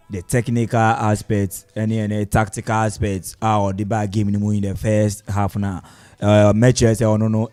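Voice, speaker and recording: A man analysing a live football match on radio, talking steadily with frequent hesitations and soft laughs. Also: lowish voice, clear, resonant tone.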